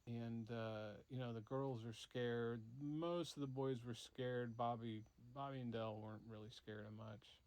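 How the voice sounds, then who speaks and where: A man with a medium-pitched voice tells his child a story in a relaxed, unhurried way, using plenty of fillers and acting out the parts as he goes.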